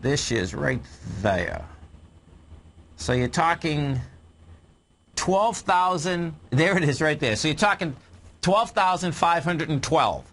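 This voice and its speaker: A man's voice: a little high, lively intonation, slow pace, long pauses, a bit bright. A man co-hosting a radio market show, talking emphatically and repeating phrases as he speaks to listeners. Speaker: co-host, market analyst. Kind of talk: radio market talk with callers. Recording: radio broadcast.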